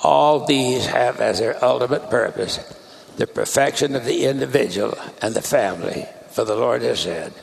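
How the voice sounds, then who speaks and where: A man delivering a sermon as a church leader, in a measured, deliberate preaching cadence. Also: medium pitch, gravelly, a crowd in the background.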